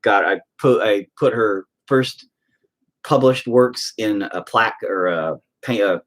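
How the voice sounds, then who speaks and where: A middle-aged man hosts a painting video, chatting casually while he works and ranting with heavy, exasperated profanity. His voice is on the low side and a little slow.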